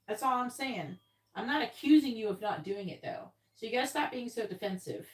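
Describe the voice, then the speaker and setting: A woman with a slightly high, lively voice speaks fairly quickly while doing a tarot reading on a live stream. She's blunt and casual, swears freely, and acts out the voices of people she quotes.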